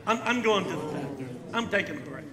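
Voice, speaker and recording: A man acting a stubborn, bitter loner biker in a church stage drama, gruff and defensive with his friends. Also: high voice, expressive, a little fast, a crowd in the background. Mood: grumbling. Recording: reverberant hall sound.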